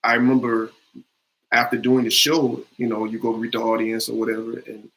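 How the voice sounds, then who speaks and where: A man in a relaxed interview, talking about acting in an earnest, storytelling way. His voice sits at an ordinary middle pitch, and he circles back with fillers and restarts as he thinks aloud. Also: normal speed, poor audio. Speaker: actor, interview guest. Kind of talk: conversational interview.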